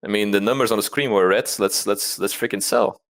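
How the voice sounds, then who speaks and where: A deep-voiced man tells his trading story in a candid interview. He is self-deprecating and rambles, often restarting his sentences. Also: brisk. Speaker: interview guest, trader.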